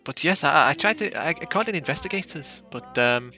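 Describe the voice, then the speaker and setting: A fretful, rambling manor owner, as a man puts him on, polite and full of hesitant ums. His voice is bright and forceful, at a middling pitch, over faint music from a tabletop game session. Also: expressive, fairly quick.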